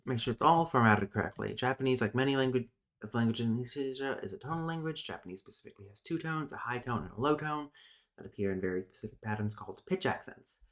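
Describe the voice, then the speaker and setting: A man's voice: mid-range voice, lively intonation, fast talker, fairly bright tone. Man reading linguistics notes aloud. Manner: thinks aloud, breaks off with muttered asides. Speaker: streamer teaching linguistics. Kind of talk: casual live-stream lesson, reading notes aloud.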